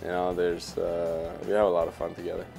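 Very low-voiced Swedish man, easygoing. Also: fairly quick, gravelly, soft background music. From Sweden. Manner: relaxed, easygoing, many fillers. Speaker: hockey player guest. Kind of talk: casual interview chat.

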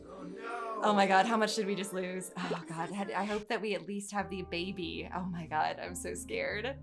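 A woman's voice: mid-range voice, moderate pace, soft background music. Chatty woman narrating her game. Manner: chatty, reacts loudly, swings from calm narration to panicked dismay. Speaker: gaming channel host. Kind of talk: casual let's-play commentary.

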